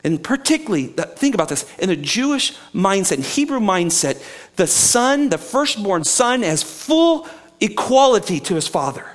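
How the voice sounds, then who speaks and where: A man preaching a sermon, reading scripture aloud and then explaining it with emphatic questions to his listeners, sometimes hushed and sometimes raised. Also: high-pitched, sing-song, normal speed. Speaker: pastor.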